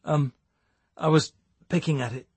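A woman's voice: lowish voice, fairly quick, a bit bright, slightly rough, no room sound, pitched above the performer's own voice. A man voicing a nervous, jumpy young woman in an audiobook. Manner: nervous, stumbling.

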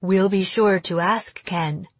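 A woman's voice: medium pitch, steady tone, husky, dry recording. A woman voicing a mocking teenage girl who acts possessed and fires sly questions. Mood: taunting. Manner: taunting, sly, rapid questioning.

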